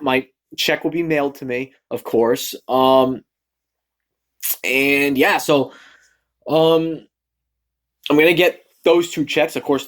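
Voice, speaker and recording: Rambling young man from Massachusetts. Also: a little high. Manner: rambling, many fillers and restarts; animated, acts out quoted lines. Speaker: vlogger. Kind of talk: casual storytelling rant.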